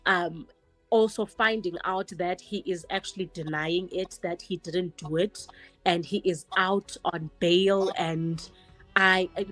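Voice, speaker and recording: Earnest woman guest, lower-pitched, reflective storytelling. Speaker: podcast guest. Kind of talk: personal storytelling.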